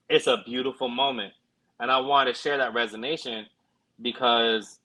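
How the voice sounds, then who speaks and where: A man's voice: mid-range voice, normal speed, bright, forceful tone, rough recording. A man co-hosting a podcast, telling a personal story in an earnest, reflective way with plenty of fillers. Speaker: podcast co-host. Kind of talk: casual podcast chat.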